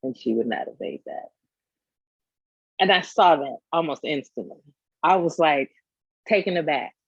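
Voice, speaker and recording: A woman guest in an interview, telling a personal story in a candid, animated way and acting out the scenes. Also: low-pitched, unhurried, vocal fry, husky, no room sound, dull audio. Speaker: business owner guest.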